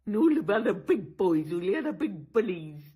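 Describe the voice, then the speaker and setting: A woman voicing a boastful, needy overgrown baby of a man in charge, with a husky, childish babble. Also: mid-range voice, big pitch swings, moderate pace, warm tone, voice pushed down, low-quality recording. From England. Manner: childish babbling, begging and bragging.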